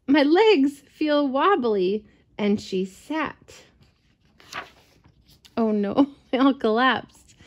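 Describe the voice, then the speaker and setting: A woman reading a picture book aloud to a child, gentle and expressive, with chatty asides. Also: a little high. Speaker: storyteller for children. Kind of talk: read-aloud storytelling to a child.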